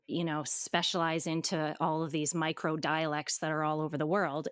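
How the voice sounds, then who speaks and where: A woman who coaches accents, answering interview questions in a measured, explanatory way with frequent fillers. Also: sits low, smooth, no echo, studio quality. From Canada.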